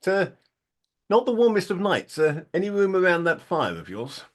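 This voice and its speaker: A man's voice: high-pitched, sing-song, normal speed, pitched above the performer's own voice. A man voicing a polite, self-deprecating male adventurer who is cold and asking to share a fire in a tabletop game.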